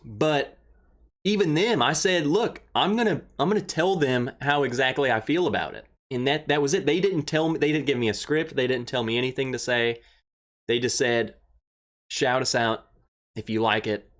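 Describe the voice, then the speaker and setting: A young man hosting a casual livestream, who rambles, greets viewers by name and gets excited and emotional. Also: medium pitch, normal speed. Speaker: livestream host. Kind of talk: casual livestream chat, reading viewer comments.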